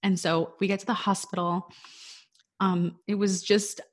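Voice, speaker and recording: A woman in her thirties telling her fertility story in a casual chat, animated and quick to quote what people said. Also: mid-range voice.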